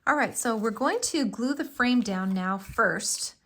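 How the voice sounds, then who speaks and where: A middle-aged woman with a fairly high voice walks viewers through a live craft project. She chats along enthusiastically, filling pauses with little ums as she works. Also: expressive. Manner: chatty and enthusiastic, with frequent fillers. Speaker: crafting tutorial host.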